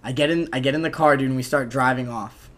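A young man telling a rowdy story on a casual podcast, animated, swearing and saying "dude" a lot. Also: mid-range voice, fast talker.

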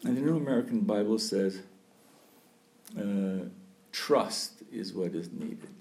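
A man, a priest, giving a slow, thoughtful sermon, pausing often to think aloud. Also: fairly low pitch, expressive, a little mellow. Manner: slow, thoughtful preaching with frequent pauses and fillers.

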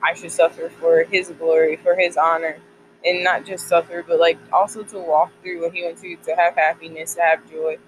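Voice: medium pitch, flat delivery, normal speed, slight background noise, rough recording. A person in their twenties talking casually about faith and college life, rambling with lots of filler words. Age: 20s. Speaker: college student sharing faith devotional.

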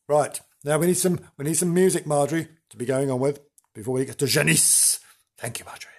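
A man's voice: fairly high pitch, steady tone, fast talker, slight background noise. A man presenting in a theatrical, camp way, telling spooky stories with gasps and playful asides. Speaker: radio-style presenter. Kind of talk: comic spooky storytelling.

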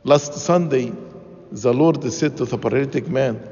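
A man preaching a sermon, deliberate and emphatic, repeating his key phrases. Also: medium pitch, gravelly, mellow. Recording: dull lo-fi sound with long church reverb.

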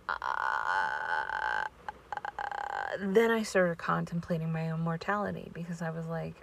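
A woman podcaster unspools a rambling personal story at an unhurried, drawn-out pace. Her voice sits fairly low and carries a gravelly fry, and she often sinks into breathy near-whispers. A faint ambience hums behind her. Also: sing-song, fairly bright tone, a little hiss or hum. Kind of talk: casual storytelling monologue.

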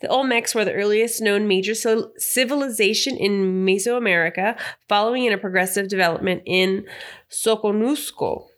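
A woman co-hosting a casual podcast, introducing her segment in a relaxed, conversational way. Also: medium pitch, moderate pace. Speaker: podcast co-host. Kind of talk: casual presenting.

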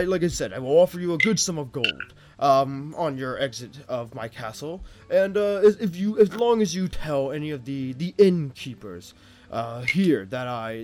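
Un homme jouant un roi hésitant et bégayant. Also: male voice, fairly high pitch. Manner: hesitant, stammering, polite. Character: fussy male king on his throne.

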